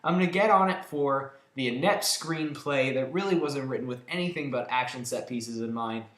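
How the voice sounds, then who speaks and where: A man's voice: mid-range voice, moderate pace, fairly bright tone. A man giving a countdown of films he disliked, talking in an emphatic, sarcastic and exasperated way. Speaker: film reviewer. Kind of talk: ranting countdown review. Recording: echoey room.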